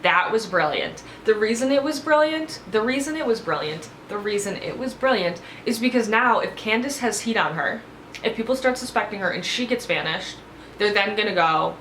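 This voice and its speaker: Woman, bright voice, blunt and sarcastic, casual recap, roomy echo. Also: mid-range voice, lively intonation, normal speed, a little hiss or hum. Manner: sarcastic, blunt, swears freely. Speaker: reality TV recapper. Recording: echoey room.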